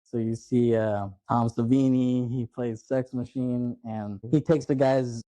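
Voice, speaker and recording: Mellow man animatedly retelling movie scenes. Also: mid-range voice, unhurried, no room sound, rough recording. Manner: animated retelling, acts out quoted lines, laughs often. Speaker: podcast host. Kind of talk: casual movie podcast chat.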